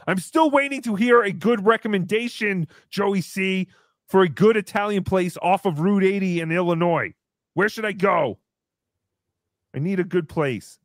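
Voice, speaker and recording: A man's voice: sits high, moderate pace, dry recording, studio quality, natural voice. A man voicing a brash, boastful comic character who talks about himself in the third person while hosting a livestream. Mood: mocking. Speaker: show host character. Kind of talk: livestream comedy banter.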